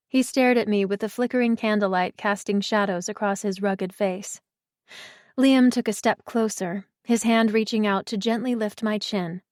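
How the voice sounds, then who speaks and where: In a dry, close recording free of any room sound, a woman narrates an audiobook in the first person. Her mid-range voice is measured and expressive.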